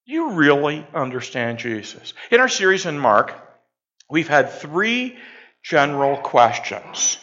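Jokey pastor preaching. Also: male voice, fairly high pitch, sing-song, slow, pushed and bright. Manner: jokey, conversational, with call-and-response prompts. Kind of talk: sermon. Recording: dull lo-fi sound.

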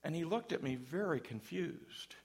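A man's voice: a little high, animated, moderate pace, breathy edge. A man preaching a sermon in church, conversational and self-deprecating, with light humor between points. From Canada.

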